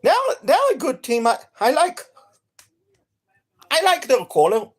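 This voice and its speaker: A woman with an accent, an energetic and enthusiastic gaming streamer chatting live to viewers. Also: high-pitched, a little slow. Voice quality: non-native accent.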